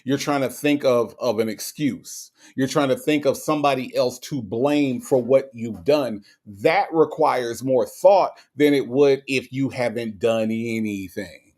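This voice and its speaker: A man's voice: mid-range voice, a little slow, a little mellow. A man hosting a channel, giving mocking commentary and repeating words for emphasis. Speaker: channel host.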